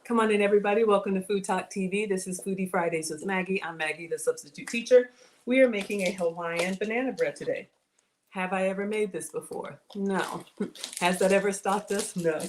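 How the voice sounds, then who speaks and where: Here the cooking show host talks briskly in a mid-range voice, with a faint hiss or hum behind her. She's a woman with a Southern US accent streaming a laid-back cooking session from her home kitchen, chatty and self-deprecating with her audience.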